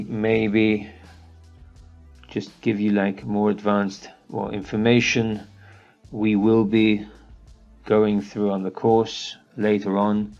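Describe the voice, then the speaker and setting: A man teaching an architecture course, walking through a software demo in a relaxed way, thinking aloud with fillers. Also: lowish voice, highs cut off. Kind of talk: screen-share software tutorial.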